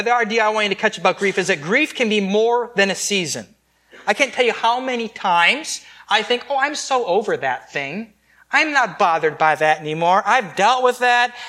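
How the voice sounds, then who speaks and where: A man preaching a sermon in a conversational way, with quick restarts and joking asides. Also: high voice, sharp tone. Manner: conversational, with repeated restarts and self-deprecating asides. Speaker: pastor.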